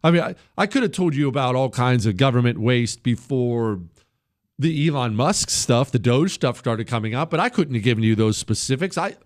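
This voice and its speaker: A man hosting a talk radio show, delivering a blunt, conversational political monologue that swings between punchy highs and low asides. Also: lively intonation, moderate pace, no room sound, clean studio sound. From United States.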